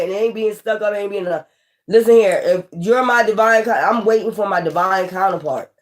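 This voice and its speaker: Speaking fairly quickly at medium pitch, a woman who reads tarot launches into a casual, scornful rant. She's blunt and profane, hammering her points through emphatic repetition.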